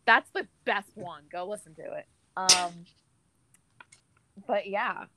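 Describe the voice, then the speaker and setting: A woman's voice: medium pitch, slow, noisy background. A woman hosting a podcast, chatting in a laid-back, rambling way. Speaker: podcast host. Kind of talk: casual podcast chat.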